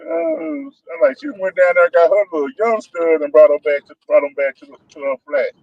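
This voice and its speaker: A man's voice: fairly high pitch, brisk, no echo. A man in a casual live-stream chat, telling funny stories with lots of laughter and slang. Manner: animated, laughing storyteller with Southern slang. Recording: muffled lo-fi stream audio.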